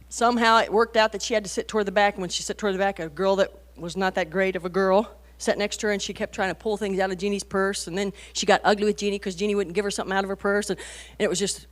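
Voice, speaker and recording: A woman's voice: mid-range voice, quick pace. A woman in her forties giving a conversational sermon to mothers and teenagers, telling stories with frequent rhetorical asides and emphatic bursts. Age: 40s. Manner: animated storytelling, rising to emphatic bursts. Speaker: women's conference speaker.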